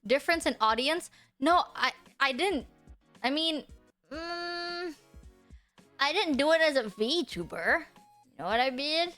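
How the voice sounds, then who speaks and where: High-voiced chatty young woman streamer. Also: takes it slowly, pauses often, soft background music. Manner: animated, chatty, rambling. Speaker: VTuber streamer. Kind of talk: casual livestream chat.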